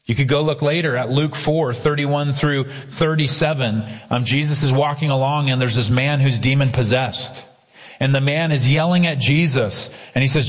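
A man preaching a sermon, earnest, slowing down hard to stress key lines. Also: medium pitch, big-room sound. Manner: earnest preaching with slow emphatic quotes. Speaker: pastor.

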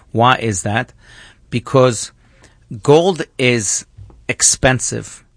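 Earnest rabbi, dry close sound. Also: male voice, lowish voice, dry recording. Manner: thoughtful, earnest, with frequent restarts. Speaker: rabbi, guest. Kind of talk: reflective teaching in conversation.

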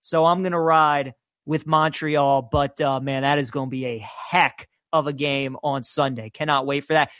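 A man with a somewhat high voice talks sports with his co-host, eager and chatty as he makes his picks. The sound is dry and close, with no room echo. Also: fairly bright tone. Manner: enthusiastic, chatty, gives picks. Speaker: sports talk show co-host. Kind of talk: casual sports talk and predictions.

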